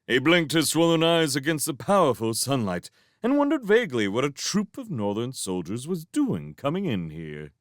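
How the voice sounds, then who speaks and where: A man reading a novel aloud as a fan audiobook, with expressive storytelling. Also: mid-range voice, normal speed, hardly any pauses, no room sound, studio quality. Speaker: reader of a novel.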